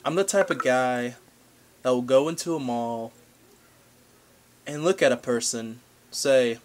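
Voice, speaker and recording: A man's voice: medium pitch, measured pace, slight background noise. A young man vlogging a comedic rant to camera, rambling and goofy, with random outbursts.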